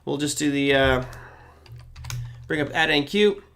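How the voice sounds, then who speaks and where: A middle-aged man hosts a live trading question-and-answer show, his voice sitting a little higher than most men's. He talks in a loose, conversational way, reading viewer questions aloud and thinking out loud as he answers them. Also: measured pace, a little hiss or hum. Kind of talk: casual live Q&A.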